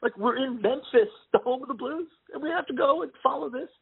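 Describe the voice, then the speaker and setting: A man, a guest musician, telling a lively anecdote in a casual interview and acting out the voices he quotes. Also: very high-pitched, a little fast, vocal fry, slightly rough, no room sound. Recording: tinny phone-like line.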